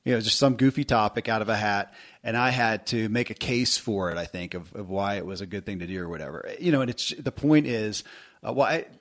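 Middle-aged guy hosting a podcast, kinda low voice, rambles and restarts a lot. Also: brisk. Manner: rambling, self-deprecating, many restarts. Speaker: podcast host. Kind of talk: casual podcast conversation.

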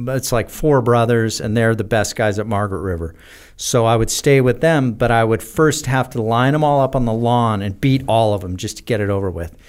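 An American man telling rambling, animated stories as a podcast guest, with many fillers. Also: medium pitch, smooth. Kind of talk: casual storytelling in a podcast interview.

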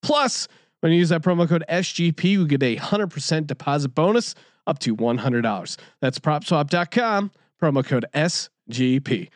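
A man's voice: a little high, lively intonation, normal speed, no room sound. A man co-hosting a sports betting podcast, talking in a brash, hyped, joking way and reading ads. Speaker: podcast co-host.

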